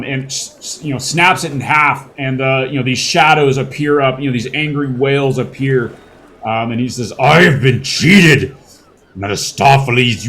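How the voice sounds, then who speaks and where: Slow, rambling game master. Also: male voice, mid-range voice, a bit bright, slight background noise. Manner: rambling, with many fillers and crude words. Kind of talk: narrating a tabletop game.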